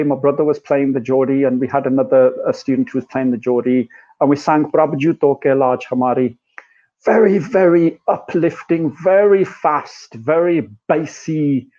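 Animated man, rhetorical, lo-fi. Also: on the high side. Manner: animated, rhetorical, frequent "right?" and "you know". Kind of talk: reflective conversation. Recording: dull lo-fi sound.

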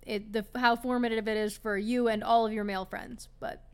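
A woman's voice: on the high side, flat delivery, brisk, smooth. A woman co-hosting a casual movie recap podcast, wry and jokey, riffing on the characters' lines. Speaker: podcast co-host.

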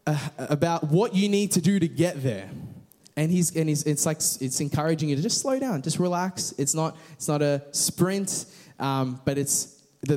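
A man's voice: a little high, darkish tone. A man preaching a casual, conversational sermon with frequent restarts and fillers.

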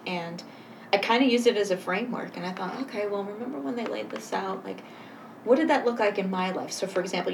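A woman guest telling her personal story in a conversation, earnest and halting, pausing to reflect. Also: on the low side, vocal fry. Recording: voice a bit far from mic, faint noise.

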